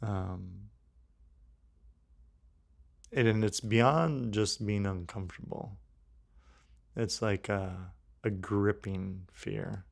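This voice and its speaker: A low-pitched man with a gravelly, fry-touched voice co-hosts a casual faith podcast. He speaks slowly and thinks aloud, circling back and restarting his sentences as he reflects. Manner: thinks aloud with many restarts and fillers, animated when acting out quotes. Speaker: podcast co-host.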